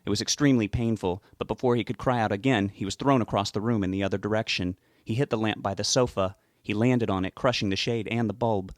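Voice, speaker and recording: A man narrates a novel in a steady, measured way. His voice sits fairly low and is recorded dry and close, with no room sound. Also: no room sound. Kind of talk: audiobook narration.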